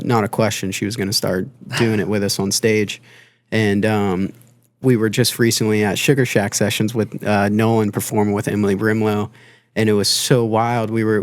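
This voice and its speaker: A man's voice: lowish voice, no echo. A man in a band, a guest on a podcast, talking casually and rambling with lots of fillers and restarts. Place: podcast studio.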